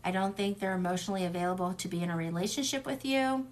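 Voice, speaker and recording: A woman's voice: mid-range voice, quick pace, slight background noise. A young woman reading tarot cards in a casual livestream. She talks bluntly, swears freely, drifts into tangents and fills her speech with "like" and "um.". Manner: chatty, wanders off on tangents. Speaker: tarot reader.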